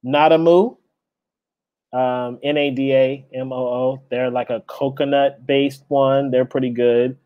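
A man's voice: mid-range voice, measured pace, no echo, phone-quality sound. Laid-back man chatting as guest chef. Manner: relaxed, trailing off and restarting. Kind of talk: casual chat.

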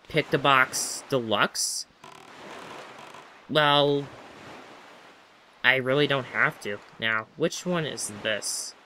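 A man's voice: on the high side, pushed and bright, a little hiss or hum. A man giving casual let's-play commentary, chatty and rambling as he talks to himself while playing.

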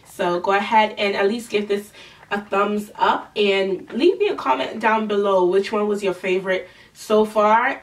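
A woman's voice: medium pitch, recorded from a distance. Chatty nasal young woman reviewing makeup. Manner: chatty, gushing, with frequent fillers and restarts. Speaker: beauty vlogger.

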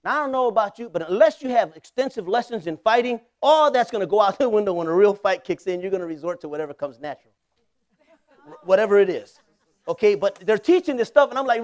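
A pastor in his forties with a fairly high voice preaches in a loose, joking way. He laughs easily as he tells his story, jumps to loud bursts, then drops to quiet asides. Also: expressive, fast talker, no room sound. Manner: conversational and humorous, often laughing. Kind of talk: storytelling sermon.

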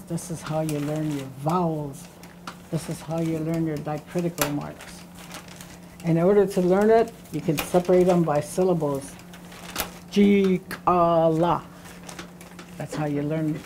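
A woman teaching a language class, explaining slowly and repeating words and phrases for emphasis. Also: low voice, warm tone, a little hiss or hum, low-quality recording. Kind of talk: classroom lecture.

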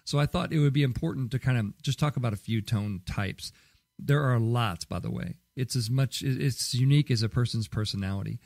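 Low-voiced rambling male podcast host. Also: a little fast, creaky, a little mellow, no room sound, clean studio sound. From Southern California. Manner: rambling, many fillers and restarts. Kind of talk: casual solo podcast talk.

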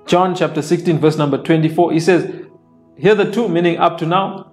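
Preacher, male, slightly high voice, plain explanatory sermon delivery, quiet worship music bed. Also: brisk. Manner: reads scripture aloud and explains it plainly; repeats phrases for emphasis. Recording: soft worship music underneath.

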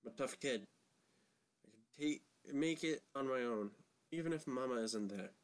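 A man voicing a stubborn little boy who insists he can manage alone, read in a quiet, earnest tone. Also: medium pitch, moderate pace, natural voice.

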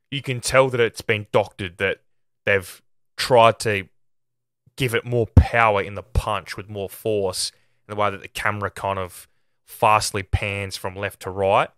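Low-voiced man reviewing a film. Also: fairly even intonation, moderate pace, a bit bright, smooth, no echo, clean studio sound. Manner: chatty and opinionated, often starts with "look". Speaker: film podcast host. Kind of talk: casual film review monologue.

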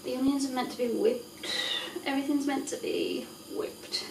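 A woman's voice: high voice, huge pitch swings, moderate pace, creaky, noisy background. A woman chatting casually and mocking herself as she cooks in her home kitchen, recorded on a camera set back across the room. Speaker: home cooking vlogger. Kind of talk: casual cooking vlog chat. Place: home kitchen with boiling pots. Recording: echoey kitchen from a distance.

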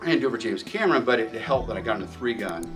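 A man's voice: medium pitch, lively intonation, racing, far from the mic, music in the background. Rambling man telling range stories, swearing freely. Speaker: shooting range owner and firearms trainer. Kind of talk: casual storytelling in an interview.

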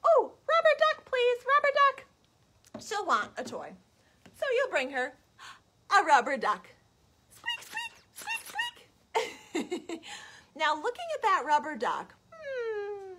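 A woman librarian reading a picture book and singing counting songs for young children in a playful, animated way on a livestream. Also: high voice. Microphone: webcam or phone, livestream.

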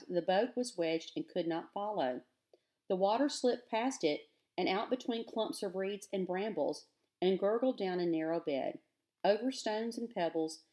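A woman teacher reading a children's novel aloud to her class at a steady, careful pace. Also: fairly low pitch.

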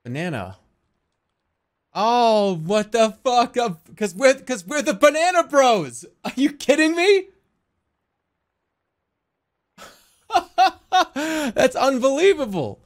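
A male streamer giving casual gameplay commentary, excitable and swearing, with loud shouting outbursts. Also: very high voice, takes it slowly.

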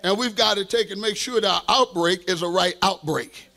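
A man's voice: sits high, moderate pace, pushed and bright. A man pastor preaching a sermon with fervent delivery, call-and-response asides and playful self-deprecating humor.

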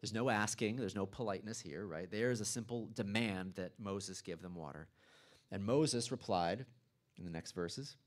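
A man's voice: on the low side, normal speed. A man preaching a sermon as pastor, reading scripture aloud and then explaining it in a conversational way, with small asides. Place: church.

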